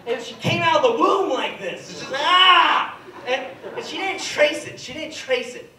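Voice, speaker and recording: A man performing a stand-up comedy set in a theater, deadpan with sudden loud outbursts. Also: extremely high pitch, normal speed, far from the mic. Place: theater stage with live audience. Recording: echoey theater heard from afar, audience noise.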